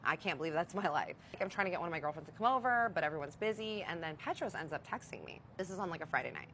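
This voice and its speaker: A young woman recounts her own story in a low-pitched, confiding voice. She is blunt and swears casually, as if speaking straight to friends. A faint ambient hum sits under her voice. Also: lively intonation, very fast, a bit bright. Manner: candid, profane, confiding. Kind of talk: storytime vlog.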